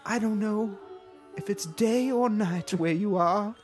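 Old-lady bit: a woman doing a prim, syrupy elderly lady, high and slow, overly polite. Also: darkish tone, faint music behind, close to an everyday voice. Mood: gushing sincere. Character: prim sweet elderly woman named Gladys.

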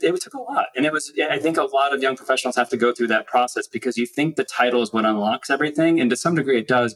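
A man's voice: mid-range voice, a bit bright, low-quality recording. A man guest in an interview, telling reflective stories about his career, with frequent restarts. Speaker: guest, finance executive. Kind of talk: podcast interview.

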